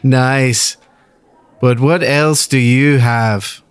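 A man doing a slow mock Welsh whiskey taster. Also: medium pitch, fairly even intonation, clean tone. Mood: drawling. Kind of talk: comic whiskey tasting bit.

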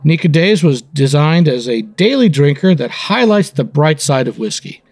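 A man's voice: on the high side, lively intonation, normal speed, darkish tone. A man co-hosting a whisky tasting show, describing spirits with enthusiasm. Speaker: co-host. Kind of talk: casual whisky tasting talk.

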